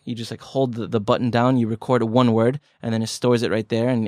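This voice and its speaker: A man talks through a language lesson in a relaxed, chatty way, joking as he explains and piling on everyday examples. His voice sits mid-range, and the sound is close and dry with no room around it. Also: mid-range voice, dry recording. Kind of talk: casual podcast lesson.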